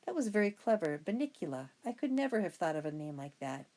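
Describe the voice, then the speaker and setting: A woman's voice: lowish voice, very animated, fast talker, warm tone. A woman reading as a mild, sheepish dad. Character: mild, easygoing father.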